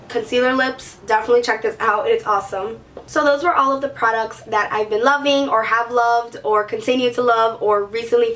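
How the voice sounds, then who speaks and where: A woman's voice: fairly high pitch, a bit bright, recorded from a distance, a little hiss or hum. Chatty woman vlogger with a sore throat. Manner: chatty, peppered with "like", gushing. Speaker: beauty vlogger. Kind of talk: casual chat to camera.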